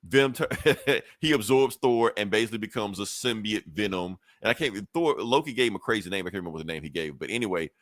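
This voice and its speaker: A man with a lowish voice, talking loosely through a comic recap on a podcast. He swears freely and circles back with fillers and restarts. The sound is dry and close, with no room around it. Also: expressive, fast, hardly any pauses, a bit bright, no room sound. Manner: rambling, profane, full of fillers and restarts. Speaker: podcast host. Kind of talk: casual comic book recap.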